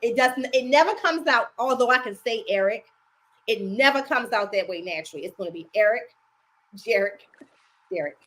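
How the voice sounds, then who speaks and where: An older woman with a Baltimore accent, casually chatting and laughing as a podcast co-host, her voice worn down and going hoarse. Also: a little high, quick pace, few pauses, a little hiss or hum. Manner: laughing, animated, teasing. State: losing her voice. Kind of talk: casual chat.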